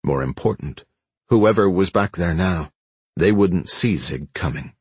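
A male audiobook narrator with a very deep, husky voice reads a thriller in a measured, suspenseful tone. The recording is dry and close, with no room sound. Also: lively intonation, no room sound. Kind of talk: scripted narration.

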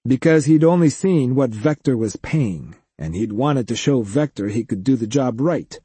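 A man narrating a science-fiction audiobook with expressive storytelling. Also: medium pitch, moderate pace, slightly rough, no echo. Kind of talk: scripted narration.

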